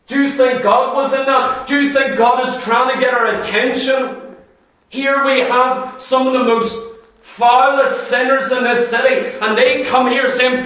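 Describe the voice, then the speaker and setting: A man's voice: extremely high pitch, steady tone, moderate pace, fairly bright tone. A male preacher delivering a fervent sermon to a congregation, firing rhetorical questions at them. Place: church hall. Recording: echoey church, mic far off.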